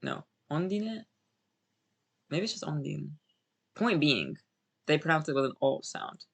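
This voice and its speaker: A man's voice: fairly high pitch, huge pitch swings, normal speed, breathy edge. A man streaming a game live, musing aloud to his chat in a rambling, self-correcting way. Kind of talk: casual live-stream commentary.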